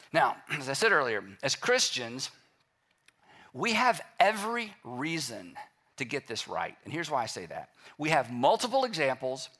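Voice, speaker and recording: A man's voice: medium pitch, fairly bright tone. A male pastor giving a sermon in a conversational way, acting out people's inner voices as he speaks.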